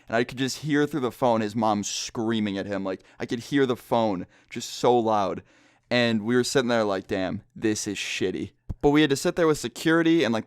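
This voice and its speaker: A young male vlogger with a medium-pitched, clear and resonant voice tells a story quietly, keeping his voice down because people are in the next room. He's loose and profane, dropping lots of filler words. The recording is clean studio sound with no room echo.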